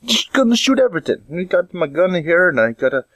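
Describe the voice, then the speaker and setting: A man doing a boastful backwoods hunter with a goofy mock Canadian-Jamaican accent. He brags bluntly and gleefully, in a lively sing-song voice over a dry, close sound. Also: sits high, fast talker, dry recording, pitched above the performer's own voice, heavily acted. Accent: mock Canadian-Jamaican put-on.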